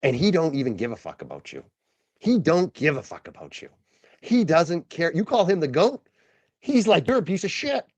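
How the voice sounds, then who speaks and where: A man's voice: a little high, big pitch swings, moderate pace, a little mellow, no room sound. A man in a played clip, talking in a mocking, dismissive way.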